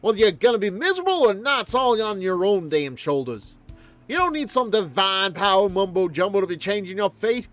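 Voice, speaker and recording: A man's voice: fairly high pitch, very animated, normal speed, faint music behind. A man voicing an earnest young woman fortune teller, talking solemnly and from the heart, now and then slipping into a blunt country dialect while reading game dialogue aloud on stream. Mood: scolding.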